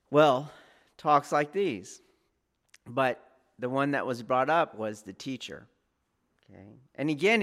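A man teaching martial arts students in an informal, rambling lecture, often laughing and checking whether they follow, growing loud when he presses a point. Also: a little high. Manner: rambling, laughs often, asks "do you see?".

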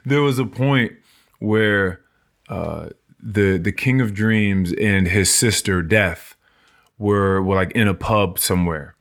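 A man with a fairly low voice talks in a casual podcast chat. He rambles, swears freely and leans on lots of fillers. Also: slow pace.

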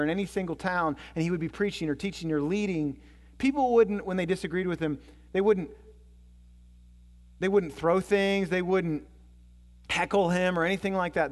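A man preaching a sermon as a storytelling pastor, swinging from loud, excited passages to hushed, low ones. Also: big-room sound.

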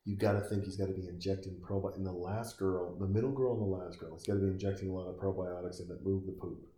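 A man's voice: low-pitched, fairly even intonation, fast, mellow, a little hiss or hum. A man giving crude, sarcastic comedic commentary while watching a film, swearing and mocking what he sees. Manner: profane, sarcastic, mocking asides to the screen. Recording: echoey room.

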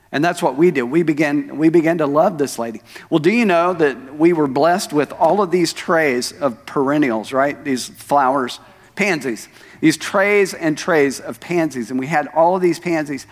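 A male pastor preaching a sermon in a church, talking conversationally with asides to the congregation. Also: a little high. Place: church sanctuary. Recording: echoey church hall.

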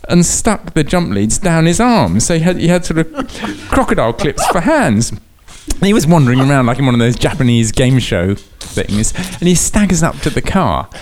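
Lively laughing male storyteller. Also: fairly high pitch, normal speed, few pauses, a little hiss or hum. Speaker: guest racing driver. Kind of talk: comic anecdote telling.

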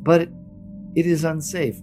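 A man doing a calm bureaucratic officer. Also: fairly high pitch, a little slow, over music, pitched above the performer's own voice, lightly acted. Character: calm, evasive male operations officer.

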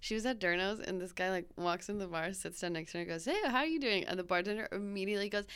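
A woman hosting a casual podcast chat, chatty and giggly, tossing in quick joking asides. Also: lowish voice, steady tone, fairly bright tone, clean tone. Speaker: podcast host.

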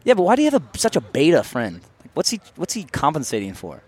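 A man's voice: on the high side, quick pace, breathy edge. A man co-hosting a podcast, bantering crudely and telling stories while standing in line outdoors on a city street. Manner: joking, crude, lively storyteller. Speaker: podcast co-host. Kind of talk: casual banter.

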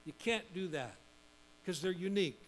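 Male pastor, middle-aged, emphatic repetitive sermon delivery, a bit high-pitched, faint mains hum. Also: moderate pace. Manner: lively, emphatic preaching with repetition.

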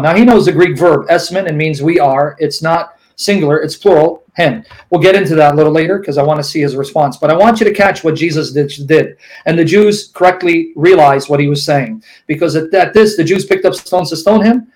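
A man's voice: on the high side, brisk, hardly any pauses, darkish tone, low-quality recording. A man debating, combative, who quotes scripture at length and presses his opponent with pointed questions. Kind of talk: heated debate.

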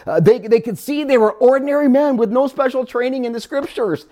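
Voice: sits high, brisk, dark tone. A pastor giving a sermon, firing rhetorical questions at the congregation and repeating words as each point builds.

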